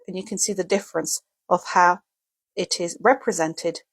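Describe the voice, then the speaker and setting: A woman teaching a relaxed lesson on pronunciation symbols, working through each point step by step. She sounds out example words slowly and often checks in with the listener. Her talk is loose and unscripted, with small slips and quick self-corrections. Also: on the low side, husky. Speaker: English teacher. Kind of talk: casual video lesson.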